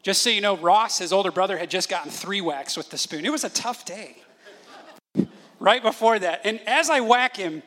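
A man in his thirties preaching a sermon as a pastor, telling stories with lively delivery and briefly acting out the voices of his children. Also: high voice, moderate pace. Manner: animated storytelling, acts out voices of his children.

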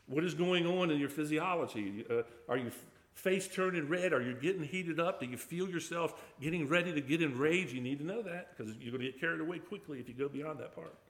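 A man's voice: a little high, a little fast. Emphatic male preacher in an echoey room. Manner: emphatic preaching with rhetorical questions and repetition. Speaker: pastor. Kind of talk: sermon.

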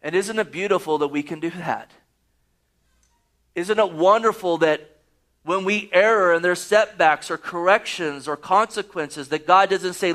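A pastor delivers a sermon, reading scripture aloud and driving his points home with mounting emphasis. His voice is high and a bit bright, at a moderate pace.

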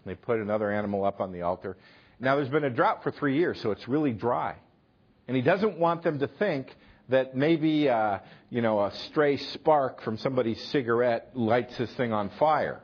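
Husky-voiced man preaching a sermon. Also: mid-range voice, moderate pace, muffled recording. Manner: animated, emphatic retelling with sudden loud punches. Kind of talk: sermon storytelling.

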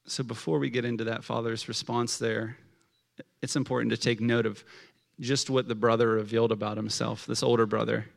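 A man's voice: mid-range voice, level tone, fairly quick, gravelly. A man preaching a casual sermon in a conversational way, peppered with the filler like. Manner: conversational, many fillers of like, acts out quotes.

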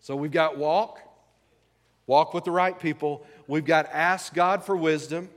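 A man's voice: a little high, fairly even intonation, measured pace. A male pastor preaching a sermon in a folksy, conversational way, asking the congregation questions. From rural American South. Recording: long hall reverb.

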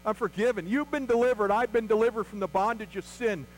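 A man's voice: high voice, fairly quick, slight background noise, rough recording. A man preaching an Easter sermon as pastor, earnest, with rhetorical questions and acted-out quotes.

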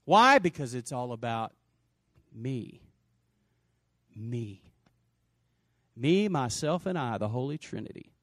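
A man preaching a sermon to a congregation, animated, with shouted exclamations and call-and-response. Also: medium pitch, takes it slowly, pauses often, no echo, clean studio sound. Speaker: pastor.

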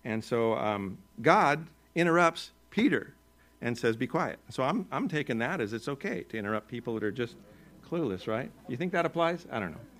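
A man's voice: mid-range voice, lively intonation, normal speed, fairly bright tone. Joking conversational American male preacher. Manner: conversational, joking asides with chuckles. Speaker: pastor. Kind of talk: sermon.

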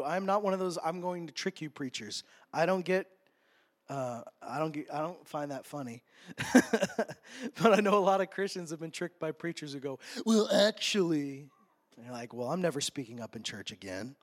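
Male pastor, high voice, lively sermon delivery with comic asides. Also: fairly quick. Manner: animated, acts out voices for humor.

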